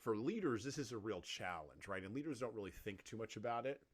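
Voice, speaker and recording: A man hosting a podcast, asking questions in an animated, casual way. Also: fairly low pitch, quick pace, slightly rough. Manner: animated questioner, leans on "right?". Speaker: podcast host.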